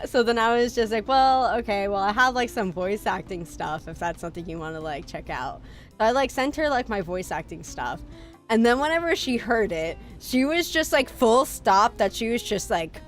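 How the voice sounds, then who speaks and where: A woman's voice: on the high side, expressive, moderate pace. A young adult woman streaming, chatting casually in a rambling way with lots of fillers and self-deprecating laughs. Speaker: VTuber streamer. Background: faint music.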